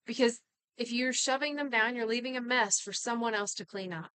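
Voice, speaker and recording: A woman's voice: a little high, a little fast, fairly bright tone, clean tone, no echo. A woman giving an earnest, casual talk on healing and inherited patterns, full of conversational asides.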